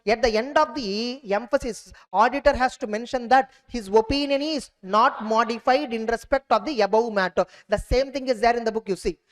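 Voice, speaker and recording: A man giving an exam revision lecture on auditing, repeating points and checking "clear?" with students. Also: very high voice. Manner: repetitive, quizzing students with "clear?".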